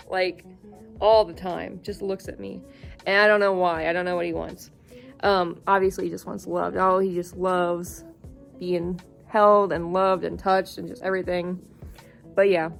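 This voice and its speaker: A young woman vlogger talking casually about her cat, halting with many fillers and fighting back tears. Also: medium pitch, vocal fry. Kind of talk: casual vlog.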